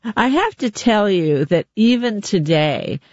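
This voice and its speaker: A host interviewing an author, telling anecdotes in an animated, playful way. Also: medium pitch, slow pace, dry recording, lo-fi sound. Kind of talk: conversational interview.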